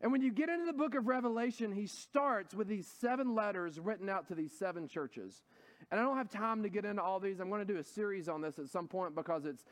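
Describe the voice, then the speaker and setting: A man preaching a sermon as pastor, telling stories with rising, animated emphasis. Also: a little high. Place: church hall.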